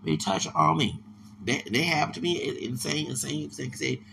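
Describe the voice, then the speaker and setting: Gravelly man rambling through a podcast story. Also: on the high side, big pitch swings, brisk, background noise. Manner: rambling, emphatic, repeats words and restarts often. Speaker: podcast host. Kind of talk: casual monologue storytelling.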